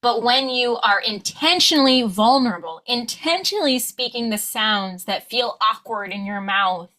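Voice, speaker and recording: An American woman giving a pronunciation lesson as a coach, slowing down to model each sound. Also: a little high, animated, pushed and bright. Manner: slow drawn-out modelling of sounds. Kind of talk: scripted pronunciation lesson to camera.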